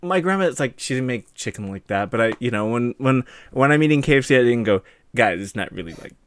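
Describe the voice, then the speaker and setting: A man's voice: mid-range voice, expressive, quick pace, clean tone, no echo. Brief: middle-aged male stream host from California, casual storyteller, dry mic. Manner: chatty, rambling storyteller with frequent fillers. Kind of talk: casual chat.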